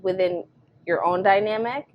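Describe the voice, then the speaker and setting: A woman's voice: medium pitch, normal speed, muffled recording. Chatty young mother, casual podcast talk. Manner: chatty, acts out her son and herself in quotes. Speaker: podcast co-host. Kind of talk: casual chat.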